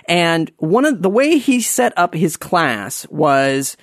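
A man telling a personal story to an audience in a self-mocking, halting way, with many restarts. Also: fairly high pitch, big pitch swings, a bit bright, no room sound, studio quality.

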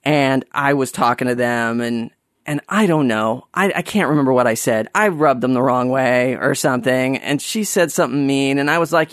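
A man telling a funny personal story in an animated, sarcastic way, dropping to mumbled asides and jumping up for mocking voices. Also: mid-range voice, moderate pace, no room sound, studio quality. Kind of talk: comedic personal anecdote.

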